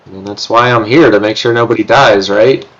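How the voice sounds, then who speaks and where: A man playing a tabletop game, casual and deadpan. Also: on the low side, a little fast, highs cut off. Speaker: player.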